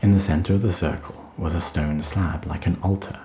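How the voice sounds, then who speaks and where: A man reading a story aloud at a steady, measured pace. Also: low voice, vocal fry, a little hiss or hum. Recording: roomy echo.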